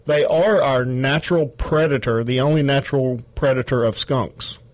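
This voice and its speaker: A man's voice: medium pitch, steady tone, moderate pace, no echo, poor audio. Dry-voiced man explaining owls. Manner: informative, with dry jokes. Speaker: wildlife park guest. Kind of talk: live TV studio chat. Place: studio with a live owl.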